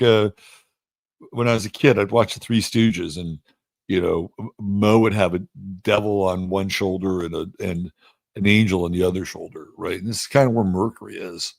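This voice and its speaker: In this close, dry recording with no echo, a man with a low, gravelly voice works through a daily astrology forecast as the show's host. His casual monologue is blunt and chatty, punctuated by quick mock voices that leap widely in pitch.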